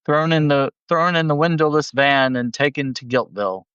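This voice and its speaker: A man's voice: a little high, normal speed, fairly bright tone, smooth, no echo, highs cut off. A man chatting as a guest on a live stream, making dry, jokey asides. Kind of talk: casual chat.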